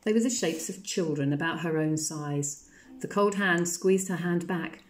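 A woman teacher reading a novel chapter aloud to a class, calm and expressive. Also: fairly low pitch, a little slow.

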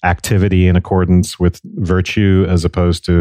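Deep, mellow male voice, dry close mic. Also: little pitch movement, moderate pace, no echo. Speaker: podcast co-host. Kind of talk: casual philosophy discussion.

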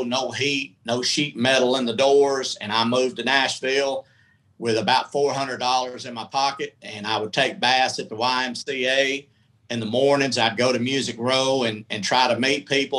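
In poor audio, a middle-aged man from the United States, a country comedy singer, shares candid and folksy stories as a podcast guest. He's a rambling, casual storyteller with a medium-pitched, sharp-toned voice.

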